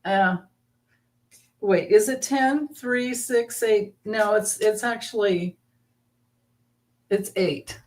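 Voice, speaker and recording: A woman hosting a live tarot reading, talking in a rambling, halting way as she explains the cards in a casual chat. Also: medium pitch, darkish tone. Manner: rambling, halting, with frequent restarts and laughter. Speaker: tarot reader, channel host.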